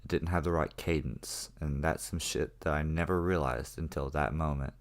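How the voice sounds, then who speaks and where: A man with an extremely deep, low-pitched voice narrates a horror story. He tells it casually in the first person, with plenty of swearing. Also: steady tone, normal speed. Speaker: creepypasta narrator.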